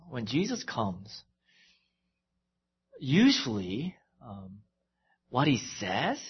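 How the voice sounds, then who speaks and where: A man preaching a sermon as pastor, animated and emphatic, with frequent ums and restarts. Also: mid-range voice, husky. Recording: dull lo-fi recording.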